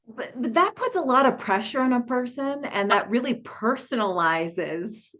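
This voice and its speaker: A woman's voice: fairly high pitch, expressive, normal speed, a bit bright. Thoughtful woman hosting a chat. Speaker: podcast host. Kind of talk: casual spiritual conversation.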